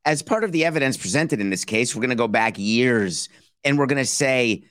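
A man's voice: medium pitch, lively intonation, a little fast, fairly bright tone, dry recording. Dry, sarcastic male sports podcaster. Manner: sarcastic, builds arguments like a mock trial. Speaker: podcast host. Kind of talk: sports talk commentary.

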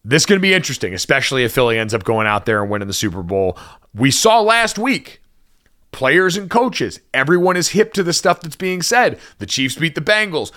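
A man co-hosting a sports podcast in casual chat, animated and playfully teasing. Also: a little high, fairly quick. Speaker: podcast co-host.

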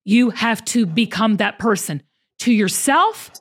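A woman hosts a podcast that is a casual chat with her friend, speaking in an animated, emphatic, preachy way and acting out quotes. Her voice is on the high side and unhurried.

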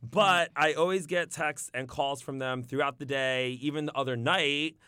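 Man, young, nasal, sassy and playful, bright tone, dry studio sound. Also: on the high side, steady tone, moderate pace, smooth, no echo. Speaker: podcast co-host. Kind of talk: casual podcast chat.

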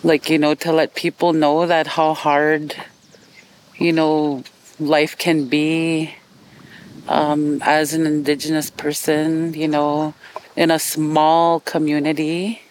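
A woman's voice: low-pitched, level tone, slow, darkish tone, slight background noise, low-quality recording. A middle-aged woman from Canada, speaking in a reflective documentary interview, hesitant, with many fillers and restarts.

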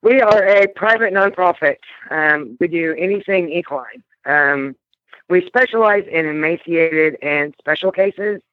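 A woman's voice: lowish voice, a little slow, dry recording. Woman guest talking about her rescue, earnest, dry muffled sound. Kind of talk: interview answers.

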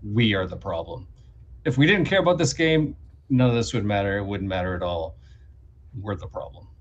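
A man's voice: lowish voice, lively intonation, normal speed, highs cut off. A man on a soccer podcast, musing and half-joking as he philosophizes about the sport. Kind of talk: casual sports chat.

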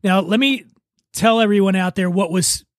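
Host, man, high voice, animated self-mocking storyteller, dry close sound. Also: normal speed, no room sound. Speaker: podcast host. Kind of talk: casual podcast chat.

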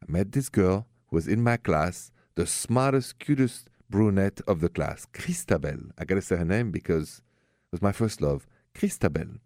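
On his radio show about love, a French host with a French accent tells warm stories and gives callers frank, direct talk. He has a low voice with lively intonation and a moderate pace, recorded at studio quality with no echo.

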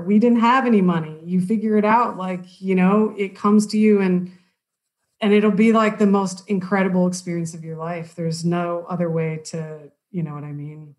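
A woman's voice: medium pitch, a little mellow. A woman guest on a podcast, speaking in an earnest, encouraging way with lots of casual fillers. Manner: earnest, encouraging, uses many "like"s. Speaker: podcast guest, cyclist and hiker. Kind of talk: casual interview chat.

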